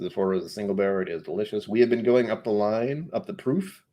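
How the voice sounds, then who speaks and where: Young male livestream host, slightly low voice, loose and jokey, addresses viewers by name. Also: fast, few pauses, warm tone, a little hiss or hum. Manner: rambling, jokey, talks to chat viewers by name. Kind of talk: casual live-stream chat reading comments.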